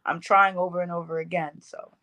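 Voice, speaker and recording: A woman's voice: on the low side, flat delivery, brisk, pushed and bright, slight background noise. A woman poet in a casual interview, talking in a heartfelt, rambling way with many fillers. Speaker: poet guest.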